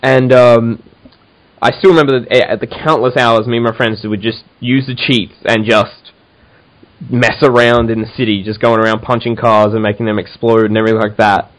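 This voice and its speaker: An enthusiastic man hosting a casual podcast chat, with a middle-pitched voice. He talks with many fillers, restarts and stumbles. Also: steady tone, normal speed, low-quality recording. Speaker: podcast host.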